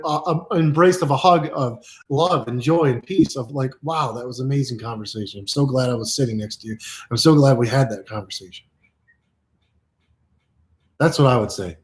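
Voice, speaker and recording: A man giving a casual motivational monologue, rambling and playful, repeating phrases and sometimes dropping to a hush. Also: a little high. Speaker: self-help speaker.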